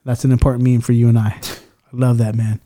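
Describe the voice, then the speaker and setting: A man's voice: mid-range voice, level tone, fast, warm tone. A man hosting a podcast in casual chat, loose and swearing often as he tells stories and acts out the people in them. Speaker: podcast host.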